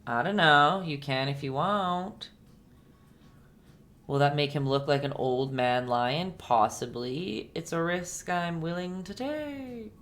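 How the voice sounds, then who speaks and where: Chatty low-voiced woman teaching painting. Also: takes it slowly, a bit bright. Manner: chatty, laughs often, talks to viewers by name. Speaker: painting instructor. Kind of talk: casual live-stream painting lesson. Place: home painting setup.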